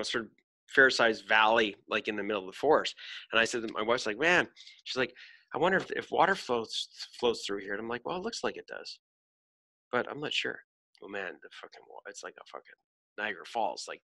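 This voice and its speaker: A man hosting a podcast, telling an animated story in casual chat, swearing freely and acting out voices. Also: mid-range voice. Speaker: podcast host.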